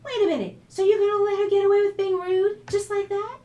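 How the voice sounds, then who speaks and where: A woman voicing a hotheaded teenage girl who talks in a shrill, high-strung way. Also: very animated, normal speed, darkish tone, far from the mic, lightly acted. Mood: indignant.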